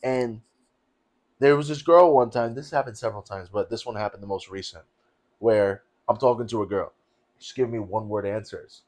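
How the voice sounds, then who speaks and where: A man's voice: lowish voice, brisk. A young man with a New York accent, co-hosting a podcast in casual chat, telling his stories bluntly and with plenty of swearing. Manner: blunt, profane, animated storytelling. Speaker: podcast co-host.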